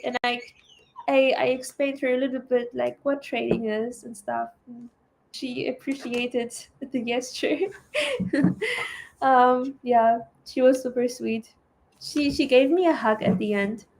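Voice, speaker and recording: A woman's voice: on the high side, fairly even intonation, a little slow, vocal fry, darkish tone, slight background noise. A woman hosting a live trading stream in a casual, chatty way, reading viewer comments aloud and answering them. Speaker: trading livestream host. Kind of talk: casual livestream chat.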